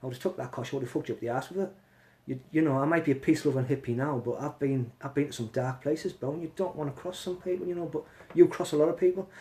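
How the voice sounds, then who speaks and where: A man's voice: fairly high pitch, fast talker, a little mellow. A man hosting a casual live stream from his phone, talking bluntly and swearing as he calls someone out.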